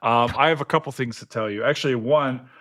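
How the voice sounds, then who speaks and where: Playful male podcast host, mid-pitched. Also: a little fast, fairly bright tone. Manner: playful and hesitant, with many fillers. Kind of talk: casual podcast conversation.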